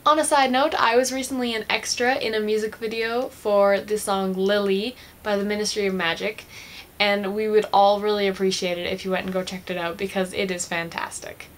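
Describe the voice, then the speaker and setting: A woman's voice: medium pitch, little pitch movement, a little fast, slight background noise. Giggly young woman gushing about a movie. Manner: chatty, gushing fan with frequent giggles. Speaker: vlogger. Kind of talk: casual movie review.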